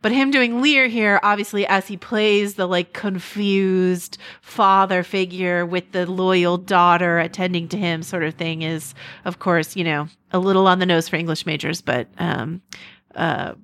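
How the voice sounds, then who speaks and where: A woman's voice: on the low side, a little slow. A woman co-hosting a podcast, chatting casually as she recaps a TV episode, rambling with lots of "like" and "um" and laughing often. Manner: rambling, animated, full of "like" and "um"; laughs often, acts out characters' lines in quotes. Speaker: podcast co-host.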